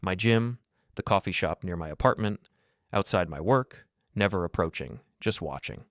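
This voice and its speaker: A man narrating a first-person story in a flat, detached way. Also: deep voice, moderate pace, dry recording, studio quality.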